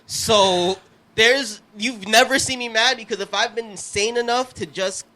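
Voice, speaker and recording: A man co-hosting a podcast, telling animated, profane stories in casual chat. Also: high-pitched, unhurried. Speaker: podcast co-host.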